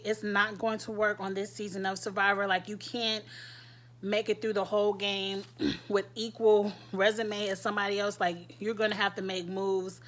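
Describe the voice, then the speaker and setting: A woman giving chatty, sassy commentary as a show reviewer, her throat irritated so that she keeps clearing it. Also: mid-range voice, a bit bright. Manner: chatty, sassy, laughs often. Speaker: reality TV reviewer. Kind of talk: casual commentary.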